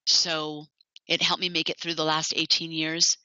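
A woman's voice: low-pitched, flat delivery, moderate pace, sharp tone, no echo. A woman who founded an animal sanctuary gives a personal talk, telling her story in an earnest, heartfelt way. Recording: dull lo-fi, dry.

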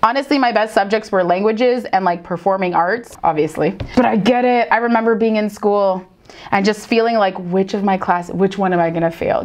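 A woman teacher giving casual reaction commentary, animated and dramatic, slipping into quick put-on voices. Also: medium pitch.

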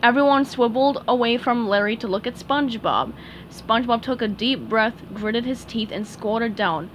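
A woman reading a children's picture book aloud, expressive and clear. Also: a little high, moderate pace, slight background noise. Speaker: storybook reader.

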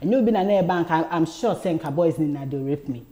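A Ghanaian woman in her thirties, a talk show guest telling a personal story in lively casual chat, often repeating words as she goes. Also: sits low, fast. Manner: animated, repeats words, laughs while telling.

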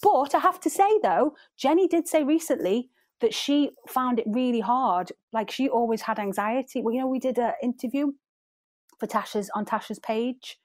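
A woman's voice: a little high, normal speed, a little mellow, no room sound. Giggly Scouse woman chatting. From Liverpool. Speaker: guest. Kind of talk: casual interview chat.

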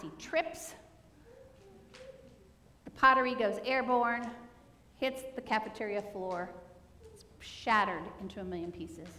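A woman pastor preaching a sermon, telling a story in a soft, earnest way and dropping to a hush at key points. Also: fairly high pitch. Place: church sanctuary. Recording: echoey church hall.

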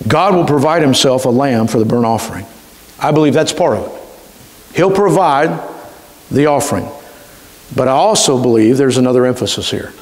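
A man pastor, preaching a sermon with emphatic delivery and slowly stretched key words. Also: medium pitch. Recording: reverberant church hall.

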